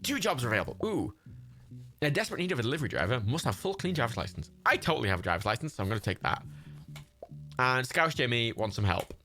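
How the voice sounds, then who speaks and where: A man's voice: mid-range voice, big pitch swings, fast talker, sharp tone, faint music behind. A man streaming a game, chatting casually in a self-mocking way and swearing freely. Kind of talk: casual livestream gaming commentary.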